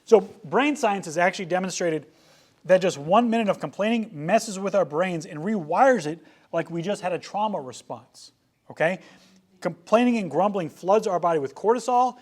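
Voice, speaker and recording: A young man preaches a lively sermon, mixing jokes and stories with his points. His voice sits a little higher than most men's, and he swings between loud, punchy lines and quiet asides. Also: moderate pace. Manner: animated, joking, storytelling. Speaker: youth pastor.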